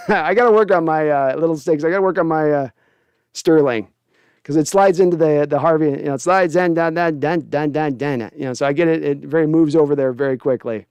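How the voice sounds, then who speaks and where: Rambling, clear-voiced sports show host. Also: male voice, fairly high pitch, fairly quick, a little mellow, no room sound. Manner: rambling, lots of fillers, laughs at himself. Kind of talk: casual livestream chat, reading viewer comments.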